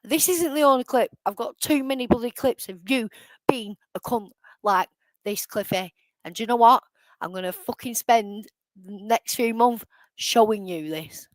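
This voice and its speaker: Woman streamer, fuming, swears nonstop, higher voice, dry close sound. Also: moderate pace, no room sound, rough recording. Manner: swears heavily, furious and ranting. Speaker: live streamer. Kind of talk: angry live-stream rant.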